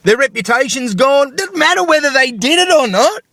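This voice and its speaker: Australian man, middle-aged, ranting vlogger, swearing, emphatic, tense bright voice. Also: very high voice, expressive, normal speed, no echo, clean studio sound. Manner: swearing, emphatic, repetitive rhetorical questions. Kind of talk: angry ranting monologue.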